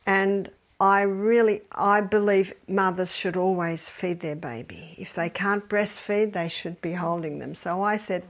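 An older woman speaks at an ordinary middle pitch. She talks casually and tells stories, slipping into the voices of the people she quotes. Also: unhurried, few pauses. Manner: storytelling, acts out quoted voices, quotes scripture. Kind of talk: casual advice talk.

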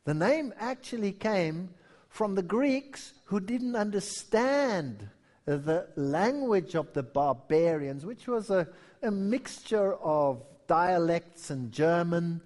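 A man preaching with a high, lively voice that swoops up and down as he tells a story. He acts out the quotes with animation and keeps the pitch moving. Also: takes it slowly. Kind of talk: sermon-style history lecture.

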